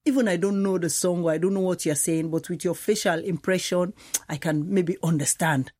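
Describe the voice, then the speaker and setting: A woman's voice: lowish voice, fairly quick, a little mellow, dry recording, studio quality. A woman telling her story animatedly in an interview. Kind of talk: interview clip.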